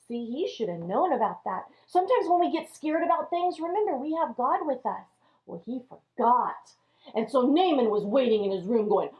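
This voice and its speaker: Woman, Sunday school teacher, lively kids' Bible story, high voice, muffled lo-fi sound. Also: normal speed. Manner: animated, acts out characters' lines. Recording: dull lo-fi recording.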